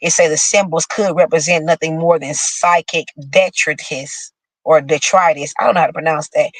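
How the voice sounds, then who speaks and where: A woman's voice: sits low, steady tone, normal speed, no echo, low-quality recording. A woman hosting a casual horoscope show, reading signs aloud and riffing in a dramatic, profane, chatty way.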